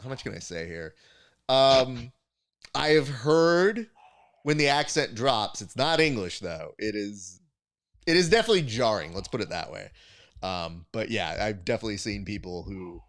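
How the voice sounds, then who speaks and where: Animated storytelling man hosting. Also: fairly low pitch, moderate pace, no echo, clean studio sound. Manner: animated storyteller who acts out quotes. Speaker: podcast host. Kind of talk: casual chat.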